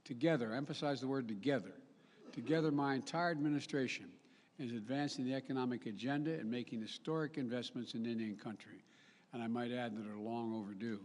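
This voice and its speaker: A man's voice: mid-range voice, fast, slight background noise. An older man giving a formal public speech to an audience, rambling and correcting himself, with folksy asides. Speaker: head of state giving a speech. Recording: live speech with long hall reverb.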